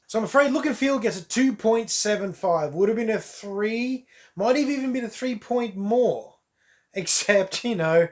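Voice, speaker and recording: A man giving a casual, wry and candid spoken review of a movie on camera. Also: high voice. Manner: wry, candid, offhand asides. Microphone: camera mic.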